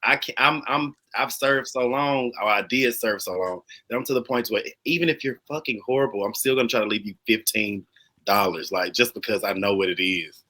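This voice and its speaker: Casual interview guest, a man with a very bright edge, frank and lively. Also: lowish voice, brisk, poor audio. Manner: laughing, frank, animated.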